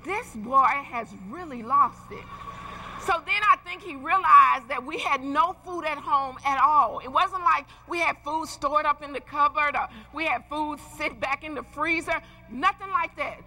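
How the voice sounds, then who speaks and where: High, bright-voiced woman preacher in her 40s. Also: normal speed, few pauses, slight background noise, poor audio. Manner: lively, emphatic, folksy storyteller. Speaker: preacher, pastor's wife. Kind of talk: storytelling sermon.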